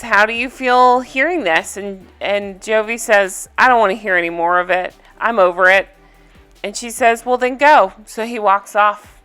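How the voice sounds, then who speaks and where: A woman's voice: medium pitch, bright, forceful tone. A woman, recapping a reality show in casual chat, blunt and opinionated and swearing freely.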